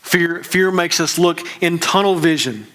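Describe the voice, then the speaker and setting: A man, preaching a conversational, emphatic sermon as a pastor with quick restarts. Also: on the high side, a bit bright.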